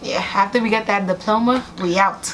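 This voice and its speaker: A woman's voice: medium pitch, steady tone, a little fast, background noise. A young woman from New York City hosting a casual chat with her cousin, teasing and laughing often. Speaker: host.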